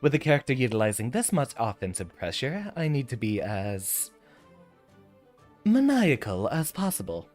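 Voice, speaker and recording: A man's voice: medium pitch, huge pitch swings, moderate pace, darkish tone, faint music behind. A man streaming a fighting game, chatting and thinking aloud as he plays, now and then laughing. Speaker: VTuber streamer. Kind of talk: live gameplay commentary.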